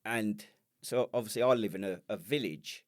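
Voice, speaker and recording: Sweary low-voiced English man chatting. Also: moderate pace, no echo, clean studio sound. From England. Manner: sweary, rambling banter. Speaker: podcast co-host. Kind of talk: casual chat.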